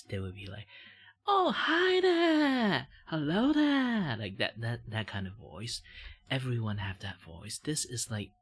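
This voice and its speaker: A man's voice: fairly low pitch, a bit bright, slightly rough. A man with a Malaysian accent, a VTuber chatting casually and loosely while he draws on stream, full of fillers and restarts. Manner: rambling, loose grammar, many fillers.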